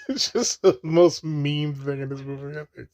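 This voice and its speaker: With a warm tone and moderate pace, a man riffs casually through a movie watch-along. Laughing often and cursing freely, he imitates the characters in mocking, high voices.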